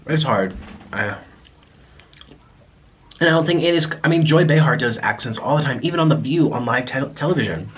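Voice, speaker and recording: A man's voice: medium pitch, lively intonation, normal speed, pauses often. A young man chats casually to his viewers while he eats. His talk rambles, with restarts and asides, in an ordinary mid-range voice. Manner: chatty, rambling, with frequent restarts and aside remarks. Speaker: mukbang vlogger. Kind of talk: casual eating-video chat.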